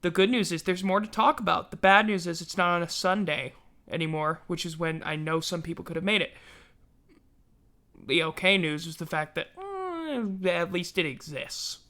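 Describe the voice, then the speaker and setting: A man's voice: sits high, animated, normal speed, bright, forceful tone. A man hosting a casual sports livestream, rambling and self-mocking, yawning now and then as he talks. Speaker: podcast host.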